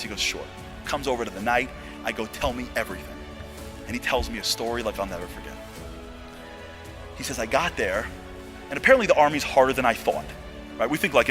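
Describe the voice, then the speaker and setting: An American man telling a story to an audience, acting out the dialogue and swinging from hushed asides to loud exclamations. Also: medium pitch. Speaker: motivational speaker. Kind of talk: animated storytelling talk.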